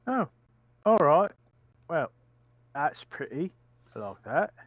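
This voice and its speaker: Slow, wry male player, dry sound. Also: fairly high pitch, very animated, no room sound, rough recording. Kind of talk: playing a tabletop game.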